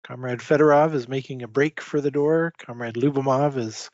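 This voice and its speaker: A man narrating a tabletop game as game master, speaking haltingly with many filler pauses. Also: medium pitch, steady tone, a little mellow, no room sound. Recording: dull lo-fi dry recording.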